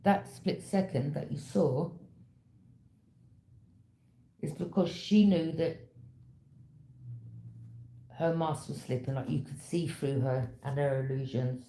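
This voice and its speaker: This tarot reader's voice sits low and dark, with fairly even intonation and an unhurried pace. She tells the reading in a casual, conversational storytelling way, knowing and direct, in an echoey room with slight background noise.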